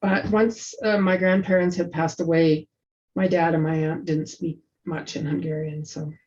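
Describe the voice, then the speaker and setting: Middle-aged woman, lowish voice, chatty storyteller, muffled lo-fi recording. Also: steady tone, darkish tone, slight background noise. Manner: chatty, halting with restarts. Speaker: presenter. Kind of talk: casual storytelling in discussion. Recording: dull lo-fi sound.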